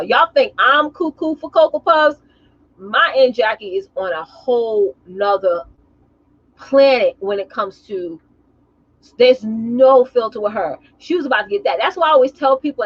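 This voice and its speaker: A woman business coach talking casually on a live stream, telling animated stories and calling her viewers y'all. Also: a little high, breathy edge, highs cut off.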